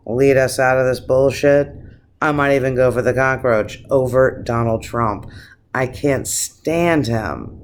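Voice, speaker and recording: A man rants to camera on his vlog, cursing freely and circling back through restarts. His voice sits at an ordinary mid pitch. He talks with plain, impassioned feeling. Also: slight background noise. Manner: profane, impassioned, rambling with restarts. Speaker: vlogger. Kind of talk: casual vlog rant.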